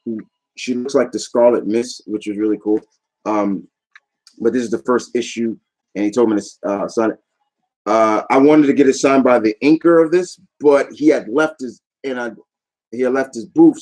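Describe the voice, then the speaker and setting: A man's voice: mid-range voice, moderate pace, darkish tone, low-quality recording. A man chatting casually on his vlog, rambling enthusiastically and often trailing off mid-thought. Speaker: YouTube vlogger. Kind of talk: casual chat recap.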